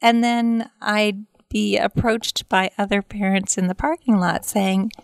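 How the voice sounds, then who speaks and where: A middle-aged woman with a smooth, clear voice speaks earnestly about her experience. Her pitch sits in the middle range, and the sound is dry and close to the mic. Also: steady tone, a little slow, dry recording. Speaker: guest, bereaved mother. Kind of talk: casual conversation.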